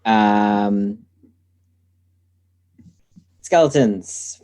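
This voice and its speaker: Very deep, dark-voiced player. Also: a little slow. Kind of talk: tabletop game play.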